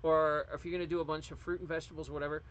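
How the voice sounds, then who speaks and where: A middle-aged man with a fairly high voice talks casually to his livestream viewers. He rambles from one thought to the next with frequent ums and false starts. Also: flat delivery, very fast, fairly bright tone. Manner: rambling, chatty, with many fillers and restarts. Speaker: livestream host.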